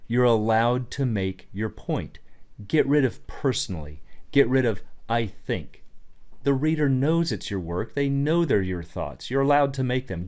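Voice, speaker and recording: A man's voice: mid-range voice, a little mellow. A man teaching writing skills, emphatic as he reads example sentences aloud and then picks them apart. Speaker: writing coach. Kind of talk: instructional talk on writing.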